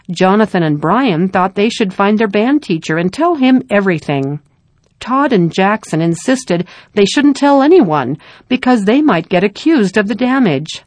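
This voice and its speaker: A woman reading a story aloud in a calm, measured narration. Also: mid-range voice, dry recording.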